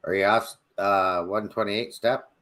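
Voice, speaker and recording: A man's voice: on the low side, steady tone, measured pace, a bit bright. A man chatting casually on a group hangout and asking short, practical questions. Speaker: guest in hangout. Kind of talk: casual chat.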